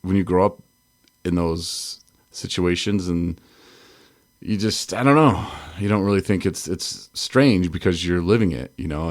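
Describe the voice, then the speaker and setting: A man co-hosting a recovery podcast, from Michigan, talking in a rambling way with frequent laughs and restarts. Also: deep voice. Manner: rambling, self-interrupting, laughs often. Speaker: podcast co-host. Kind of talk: casual chat.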